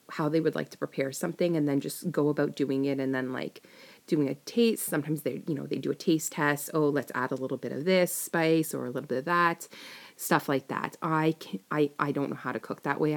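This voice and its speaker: A young woman chatting casually to camera, rambling and giggling as she answers tag questions. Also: low voice. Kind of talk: casual chat.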